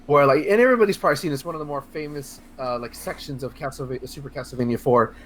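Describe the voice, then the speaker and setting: Podcast dude going on about games, kinda high voice, lots of ums and cussing, faint hiss behind. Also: male voice, quick pace. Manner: rambling, excitable, swears, many fillers and restarts. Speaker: podcast co-host. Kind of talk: casual podcast chat about video games.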